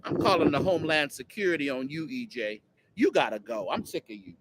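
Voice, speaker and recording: A man hosting a casual livestream outdoors, mocking and teasing someone in an animated way. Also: sits high, fairly quick, background noise. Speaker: host.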